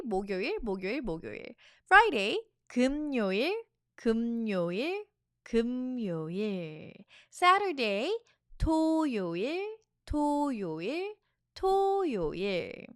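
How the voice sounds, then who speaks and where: Lively, bright-voiced woman teaching vocabulary. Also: mid-range voice, smooth, no echo, studio quality. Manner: chatty and encouraging, drills words in threes. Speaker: Korean language teacher. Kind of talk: energetic vocabulary lesson.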